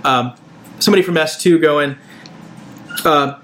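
A man narrating a tabletop role-playing game as game master, lively and given to fillers. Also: on the high side, moderate pace, slight background noise.

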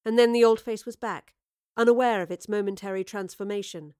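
A woman reading a story aloud as narrator, steady and expressive. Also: mid-range voice, a little fast, clean tone, no echo, clean studio sound. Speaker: audiobook narrator. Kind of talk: scripted narration.

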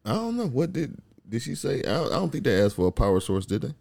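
A man's voice: fast, creaky. A man, chatting casually as a podcast co-host and acting out quotes. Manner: animated, acts out quotes in high voices. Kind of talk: casual chat about a TV show.

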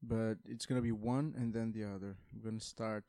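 A man's voice: lowish voice, steady tone, brisk, warm tone, no echo, clean studio sound. A man co-hosting a podcast, chatting casually and making offhand jokes. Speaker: podcast co-host. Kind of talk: casual chat.

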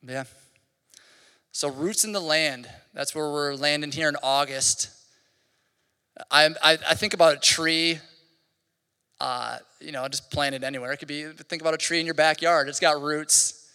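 A man's voice: on the high side, fairly even intonation, a little slow, long pauses, pushed and bright, clear, resonant tone. A man in his thirties giving a casual, conversational sermon as a pastor, rambling with lots of "like". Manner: casual, rambling, heavy use of "like". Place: church hall. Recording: long hall reverb.

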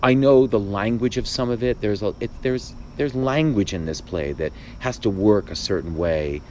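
A low-pitched man, a playwright acting as host, talks thoughtfully and haltingly in casual conversation. He often restarts his sentences and throws in animated asides, with light noise underneath.

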